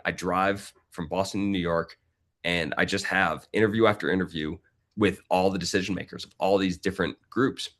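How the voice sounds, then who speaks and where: Man, forties, deep voice, podcast guest, casual animated storytelling. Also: creaky. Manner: animated, acts out the voices of people in his stories.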